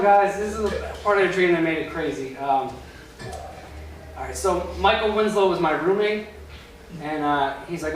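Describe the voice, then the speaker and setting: A man's voice: high voice, expressive, moderate pace. A young man doing a rambling stand-up comedy set in a club, loose and full of filler words. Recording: echoey club from a distance with noise.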